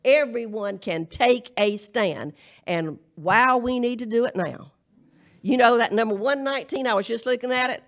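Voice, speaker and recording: A woman's voice: on the high side, normal speed. A woman minister with a Southern US accent, delivering a humorous, emphatic charge to a congregation at a live church service. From Southern United States. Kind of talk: folksy sermon-style charge.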